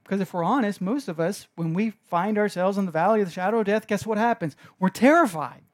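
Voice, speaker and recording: A man preaching a sermon in an animated way, moving between hushed and emphatic delivery. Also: high voice, fast talker. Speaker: pastor.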